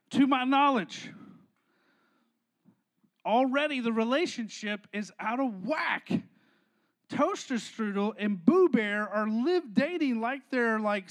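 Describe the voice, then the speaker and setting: A young man leads a youth service, his voice unusually high and bright in tone. He stays playful and energetic, bantering with kids between skits. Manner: playful, energetic, talks to crowd. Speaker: youth pastor. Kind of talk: youth sermon with skit.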